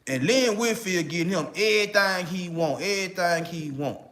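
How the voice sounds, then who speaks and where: A man's voice: sits high, normal speed, fairly bright tone. A man with a Memphis accent talks straight to his viewers in casual, slang-heavy commentary. He is still getting over a cold, and he keeps leaning on the same filler phrases as he talks. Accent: Memphis, Tennessee. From Memphis, Tennessee. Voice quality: slangy, repeats "you know what I'm saying". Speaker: online relationship coach.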